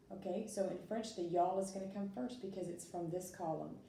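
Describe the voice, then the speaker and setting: A woman walks students through a lesson, patient and full of little fillers. Her voice is dark and mellow. She sits back from the mic in a very echoey room with a faint hiss underneath. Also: mid-range voice, normal speed, vocal fry, few pauses, recorded from a distance. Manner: patient, explains step by step with fillers. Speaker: French teacher. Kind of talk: recorded classroom lesson.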